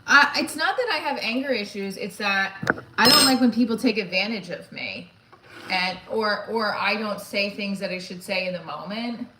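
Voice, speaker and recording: A woman comedian vlogs her day in a mid-range, bright, forceful voice at a moderate pace. She's frank and rambling, swearing freely and often restarting, in an echoey room with faint background noise.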